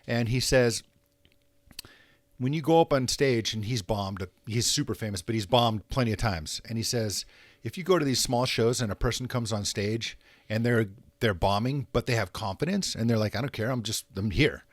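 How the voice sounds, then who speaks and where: A man hosting a podcast, who asks questions and talks in a relaxed, rambling way. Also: medium pitch, normal speed, dry recording. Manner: relaxed, rambling, loose phrasing. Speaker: podcast host. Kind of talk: casual interview chat.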